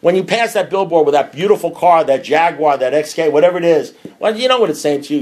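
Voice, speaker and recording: A middle-aged man speaking candidly to a recovery group, blunt and profane, with loud bursts and low mutters. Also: animated, quick pace, few pauses.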